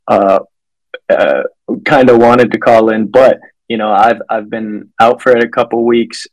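A man's voice: fairly low pitch, rough recording. A man co-hosting a podcast, chatting casually in a laid-back, rambling way. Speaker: podcast co-host. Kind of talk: casual chat.

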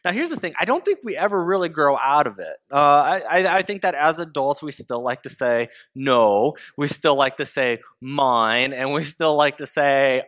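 A young adult man from the United States, a father, preaching a sermon in a relaxed, conversational storytelling way, mimicking his toddlers now and then. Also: a little high, normal speed, few pauses.

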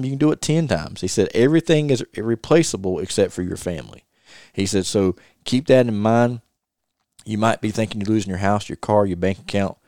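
Earnest low-voiced middle-aged man. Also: a little mellow, dry recording, studio quality. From North Carolina. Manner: earnest, repeats himself, quotes advice at length. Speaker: podcast host. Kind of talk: casual chat, personal storytelling.

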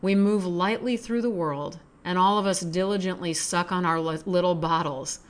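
A woman's voice: on the low side, normal speed. A woman hosting a podcast, reading essays aloud and chatting casually, swearing freely, worn out yet fired up. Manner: profane, excitable, self-mocking. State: exhausted, recovering from surgery.

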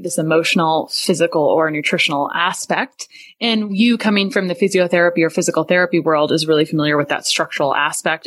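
Woman, interview host, low-pitched, curious, thinking aloud, dry recording. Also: fairly bright tone, no echo. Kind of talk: interview questions.

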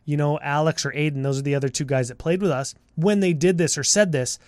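Guy cohosting a podcast, kinda high voice, walks through stuff calmly, teases his buddy. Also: quick pace, dry recording. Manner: steady, explanatory, teasing. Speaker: podcast co-host. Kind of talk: casual podcast talk and sponsor reads. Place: podcast recording booth.

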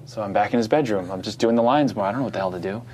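A man from New Jersey telling a story in casual chat, animated and laughing, acting out the other people's voices. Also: lowish voice, rapid-fire, background noise.

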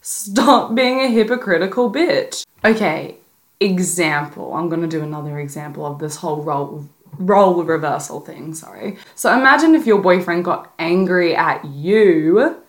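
A young woman with a slightly low voice talks straight into the mic like she's giving a friend tough love. She's sassy, blunt and profane, all casual podcast chat. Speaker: podcast host. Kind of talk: casual advice podcast monologue.

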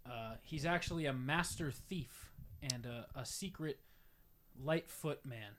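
A man's voice: medium pitch, unhurried, crowd noise. A man talking hesitantly as a player in a tabletop game. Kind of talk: game banter.

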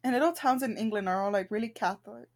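A playful woman guesses answers in a relaxed podcast chat, joking and laughing along. Her voice sits high. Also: fast talker. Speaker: podcast co-host guessing in a quiz. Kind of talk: casual chat.

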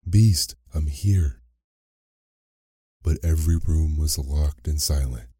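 A man narrating a fairy tale as a sleep story, reading in a slow, soothing, soft way. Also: a bass voice, slightly rough, no echo, studio quality.

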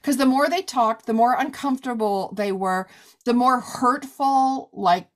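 A woman's voice: fairly high pitch, a little slow. A middle-aged woman hosting a podcast, reading an ad and then chatting with a guest in a loose, rambling way full of asides. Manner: chatty, many fillers and asides. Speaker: podcast host. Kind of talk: casual interview chat and ad read.

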